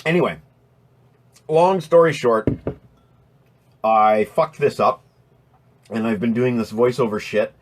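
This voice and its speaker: A man with a lowish voice hosts a casual live stream, rambling and cursing as he reads chat names aloud. His throat is strained from voiceover work.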